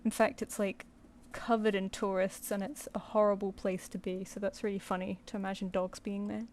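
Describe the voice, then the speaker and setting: A streaming artist chats casually with her viewers while she draws, rambling and laughing easily. Her voice is mid-range and a bit dark, delivered flatly at a normal speed, with slight background noise.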